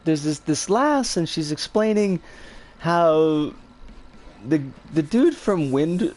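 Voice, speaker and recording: A woman livestreamer chatting casually and reacting to her chat, animated and exclamatory, rambling and self-deprecating, swearing freely. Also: deep voice, takes it slowly.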